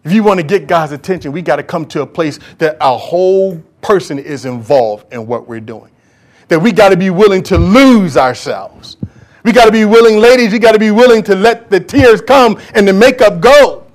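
A man preaching a sermon as pastor, impassioned and talking straight to the congregation, swinging from loud calls to hushed whispers. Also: sits high, animated, moderate pace. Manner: addresses congregation directly, acts out quoted voices.

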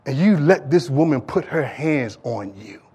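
A man voicing a merciless, self-righteous Pharisee who accuses a woman in a low, quiet, contemptuous tone. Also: expressive, a little slow, slightly rough. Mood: indignant.

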